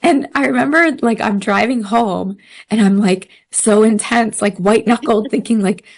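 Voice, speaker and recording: A woman telling a story in casual podcast chat, animated, laughing often and using many fillers. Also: a little high, moderate pace, gravelly. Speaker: podcast guest.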